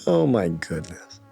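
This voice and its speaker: A male streamer talking casually to his chat. His voice leaps up and down in pitch as he jokes, laughs and sometimes slips into a whisper. Faint music plays underneath. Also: vocal fry, husky. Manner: animated, playful, laughing often, jokey whispers.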